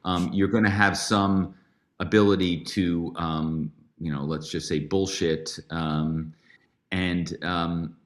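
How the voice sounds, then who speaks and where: Low-voiced man telling stories. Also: steady tone, slow. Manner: chatty, many fillers and restarts. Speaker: guest, author and former corporate spy. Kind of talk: storytelling interview.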